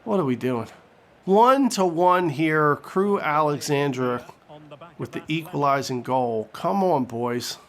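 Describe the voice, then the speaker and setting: A man doing comedic play-by-play commentary over his football video game, excitable and crude, shouting on big plays. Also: on the high side, takes it slowly. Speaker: gaming commentator.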